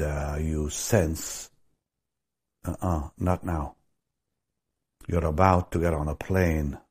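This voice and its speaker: A man's voice: sits low, a little mellow, husky. A middle-aged man preaching a sermon, telling stories and building into emphatic, fervent prayer. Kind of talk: sermon with storytelling.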